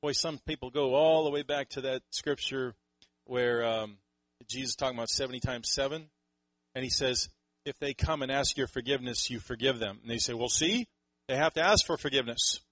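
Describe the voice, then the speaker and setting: A Canadian man delivers a sermon in a casual, animated way, slipping into little acted quotes of how people talk. His voice sits at an ordinary middle pitch, recorded close and dry with no room sound. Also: a little fast, dry recording, rough recording. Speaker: pastor.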